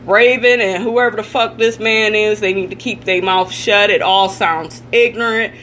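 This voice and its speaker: Bright-voiced woman ranting blunt gossip. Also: mid-range voice, fairly even intonation, moderate pace, slight background noise. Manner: blunt, profane and indignant, addressing viewers directly. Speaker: celebrity gossip vlogger. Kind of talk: ranting commentary vlog.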